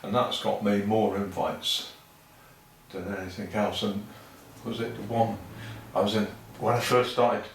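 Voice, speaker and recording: A man tells easygoing stories in a low voice, swears freely, and acts out other people's lines. He sits well back from the mic in a very echoey room. A little background noise hangs under him. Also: steady tone, unhurried, recorded from a distance. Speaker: guest saxophonist. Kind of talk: casual anecdotal storytelling.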